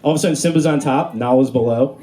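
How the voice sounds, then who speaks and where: A fast-talking young man with a warm, medium-pitched voice does a stand-up set before a live comedy club crowd. He rambles in a relaxed way, using lots of fillers, and the recording has audible room noise.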